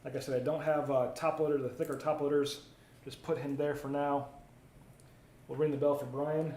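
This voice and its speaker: Card break host, male, casual patter while opening packs, slightly high voice, roomy sound. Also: flat delivery, normal speed, darkish tone. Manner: chatty, reads viewer comments aloud while opening packs. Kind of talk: live card break commentary. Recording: roomy echo, faint ambient noise.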